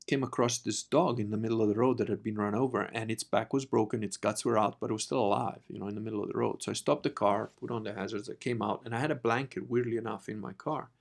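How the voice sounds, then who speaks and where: This podcast host from Italy has a creaky voice on the low side. He recounts a personal story casually and animatedly, swearing freely and swinging from quiet asides to loud outbursts.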